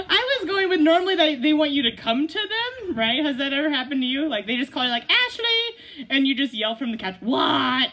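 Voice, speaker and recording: A woman's voice: on the high side, a bit bright. A woman leading a children's story outdoors at a church service, playful, laughing and asking the kids questions. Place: outdoors by a gazebo.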